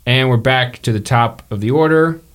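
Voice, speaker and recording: A man's voice: mid-range voice, normal speed, a bit bright. A man narrating a tabletop game as game master, joking and full of fillers.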